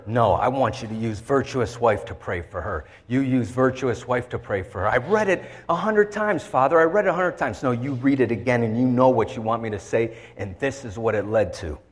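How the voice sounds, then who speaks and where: A man with a lowish, slightly breathy voice delivers a heartfelt sermon, recounting his story with emotion and changing his voice to play out a dialogue with God. A long reverb tail trails after his words.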